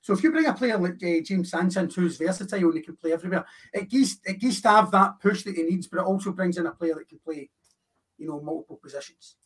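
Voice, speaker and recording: A man's voice: sits high, fast talker, breathy edge, distant mic. A man co-hosting a casual football podcast in a jokey, teasing way. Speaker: podcast co-host.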